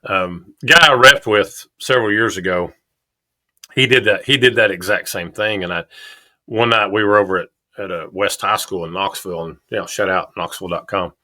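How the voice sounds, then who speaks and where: A man's voice: deep voice, fairly even intonation, pushed and bright. A middle-aged man, co-hosting a podcast and telling stories in a chatty, laughing way. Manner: chatty, storytelling, quick laughs. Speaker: podcast co-host. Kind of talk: casual chat.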